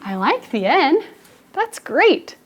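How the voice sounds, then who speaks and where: A woman's voice: high-pitched, big pitch swings, slow, slight background noise, voice pushed up, full character voice. A woman voicing a mean storybook king who speaks in a haughty, mock-stern way. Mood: scheming.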